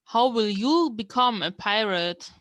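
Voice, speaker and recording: A woman's voice: medium pitch, expressive, a little slow, fairly bright tone, no echo. A young woman from Germany, giving a casual language lesson and explaining a manga text word by word as she thinks aloud. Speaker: language learner teaching from a manga.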